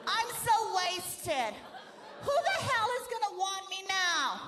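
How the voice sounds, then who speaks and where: A man doing a whiny drunk young woman, squeaky and slurred. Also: very animated, slow, heavy background noise, full character voice. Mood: drunk, weepy. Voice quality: high squeaky put-on falsetto. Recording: live stand-up with loud crowd.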